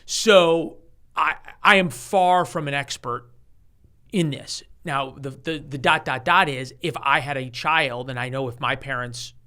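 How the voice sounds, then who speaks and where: Animated storyteller man in his forties. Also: mid-range voice, unhurried. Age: 40s. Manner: animated storyteller who acts out quoted voices, with frequent restarts. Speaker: guest author. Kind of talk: storytelling in a conversational interview.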